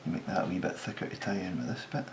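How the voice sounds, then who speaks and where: A man talking casually as he sketches, thinking aloud, correcting himself and sometimes dropping to a quiet mutter. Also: low-pitched, racing, background noise. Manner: relaxed, thinks aloud, self-correcting, drops to mutters while working. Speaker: designer sketching on camera. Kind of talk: casual commentary while sketching.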